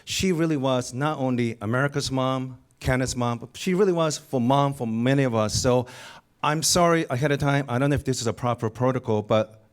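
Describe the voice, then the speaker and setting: A man's voice: medium pitch, fairly quick, smooth. A man with a goofy voice, a comedian nervously hosting a live awards show, rambling and joking at his own expense. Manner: nervous, rambling, self-deprecating. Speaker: comedian host. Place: cinema stage before a live audience.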